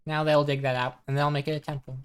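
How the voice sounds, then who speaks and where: A woman streaming a game live, chatting casually and softly, reading chat messages aloud at a desk microphone. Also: low voice, level tone, fast, smooth. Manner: chatty, soft-spoken, reads chat aloud.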